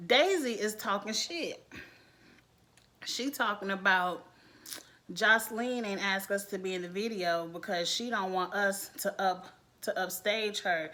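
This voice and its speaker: A woman reviewing a TV episode in a casual vlog, retelling scenes in an animated, blunt, slangy way and laughing often. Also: mid-range voice. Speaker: TV show reviewer.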